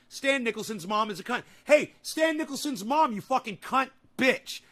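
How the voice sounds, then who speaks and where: A man's voice: extremely high pitch, lively intonation, moderate pace, few pauses, a bit bright. A young man hosting a livestream, reading and answering comments in a profane, combative, sarcastic rant. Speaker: livestream host. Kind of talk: ranting livestream chat.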